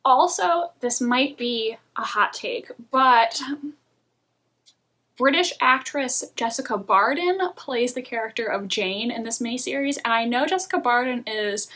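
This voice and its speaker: Candid female reviewer, casual vlog delivery, slightly high, bright tone. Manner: chatty and candid, laughs often. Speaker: book and film reviewer.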